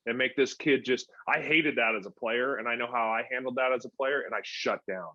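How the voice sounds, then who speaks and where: Bright-voiced middle-aged man telling coaching stories. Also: mid-range voice, fast, no echo. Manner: animated storytelling, acting out what he says to himself and to others. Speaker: guest, former pro pitcher and youth coach. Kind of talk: casual podcast conversation. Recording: dull, dry, lo-fi sound.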